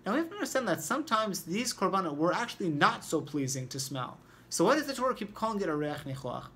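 A man's voice: sits high, very animated, quick pace, a bit bright, breathy edge. A man teaching an informal Torah lesson who explains step by step and thinks aloud as he talks.

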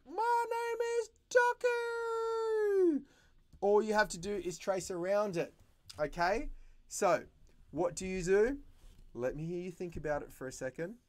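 A man hosting a drawing livestream for kids, talking in a playful, animated and jokey way as he teaches. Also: medium pitch.

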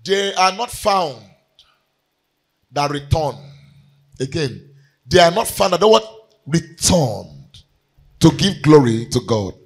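A man preaching a sermon, swinging from loud cries to hushed lines. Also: on the high side, very animated, slow pace, vocal fry, long pauses, slightly rough, rough recording.

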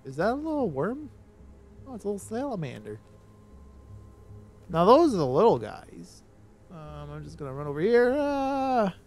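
A man's voice: sits high, normal speed, long pauses. Rambling male game streamer. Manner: rambling, with sudden excited outbursts. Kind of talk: casual gameplay commentary.

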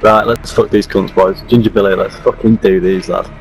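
A man's voice: on the low side, flat delivery, moderate pace, poor audio. A man teasing and swearing at friends during an online game. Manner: crude, teasing banter. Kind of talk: casual gaming chat.

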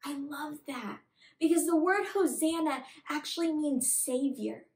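Young woman kids' pastor, super upbeat, high voice, echoey room. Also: measured pace, a little mellow. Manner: bubbly, enthusiastic storytelling. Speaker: children's pastor. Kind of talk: kids' online sermon.

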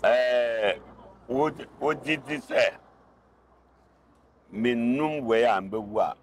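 An older man from Ghana with a Ghanaian accent, a veteran cargo driver who is the guest in an interview, telling his stories in an animated way and repeating words for stress. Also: mid-range voice, drawn-out words, a little hiss or hum. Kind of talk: casual interview talk.

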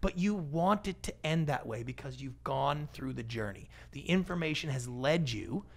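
A man being interviewed on a podcast, an animated storyteller who acts out the voices of the people he quotes. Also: mid-range voice, normal speed. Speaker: guest, pitch expert and TV producer.

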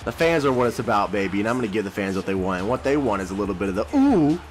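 A man doing loud, profane, brash trash talk while commentating his own wrestling game, with mock-tender jabs at his opponent. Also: on the low side, racing. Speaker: gaming YouTuber.

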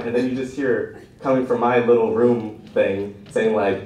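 A man's voice: mid-range voice, fairly quick, a crowd in the background. A young man telling a rambling, self-deprecating stand-up story at an open mic, often laughing at his own jokes. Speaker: stand-up comedian. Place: small room at an open mic. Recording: echoey room from a distant mic.

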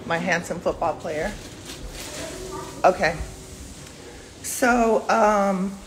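A woman's voice: medium pitch, slight background noise. A woman in her forties chatting casually to viewers from home in the morning, rambling with many ums, speaking into a phone she holds in her hand. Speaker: vlogger. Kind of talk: casual live chat to viewers. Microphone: phone held in hand.

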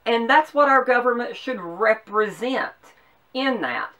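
A woman from the American South with a Southern accent, hosting an opinion commentary with earnest, emphatic delivery and measured pauses. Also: fairly high pitch, expressive, fairly bright tone, recorded from a distance. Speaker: host.

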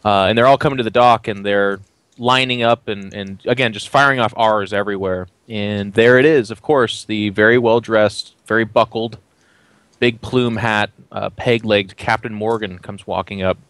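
A man running a tabletop game, narrating scenes in a chatty, playful way with plenty of fillers. His voice is low, and the recording is dry and close. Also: steady tone, moderate pace, fairly bright tone, clean tone, no room sound. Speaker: game master.

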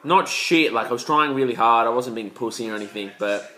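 A young man talks straight to camera in a loose, rambling vlog, swearing constantly and throwing in lots of slang. His voice has a bright, forceful edge that cuts through. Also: mid-range voice, brisk. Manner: profane, rambling, slangy, animated. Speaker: vlogger.

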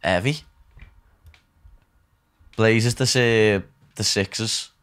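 This Scouse-accented man hosts a podcast, rambling playfully through a casual chat full of loose slang. He speaks slowly in a lowish, smooth voice with a fairly bright tone.

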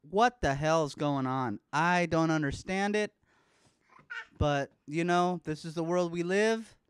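A man's voice: sits high, clear, resonant tone, no room sound. Rambling, jokey man from the Bay Area. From Bay Area, California. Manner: rambling, profane, jokey, baby talk to his son. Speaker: podcast host. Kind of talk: casual chat. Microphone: studio microphone.

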